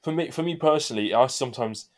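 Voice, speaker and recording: A man chatting casually as a podcast co-host, quick to agree and easily excited. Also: mid-range voice. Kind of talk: casual chat.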